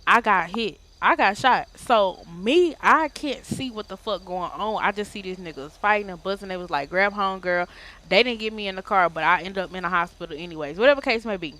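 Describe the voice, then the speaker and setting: A woman's voice: medium pitch, expressive, fairly quick, few pauses, bright, forceful tone. Slangy woman telling a storytime tale. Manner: slangy, profane, rambling retelling with quoted dialogue. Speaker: roleplay gamer telling a story. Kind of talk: casual storytime.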